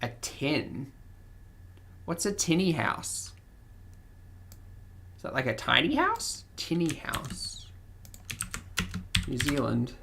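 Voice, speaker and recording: A woman's voice: a bass voice, huge pitch swings, slow, gravelly, pauses often, a bit bright, slight background noise. An Australian woman with a mild accent, chatting casually with her livestream audience and laughing often as she reads the chat. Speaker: streamer.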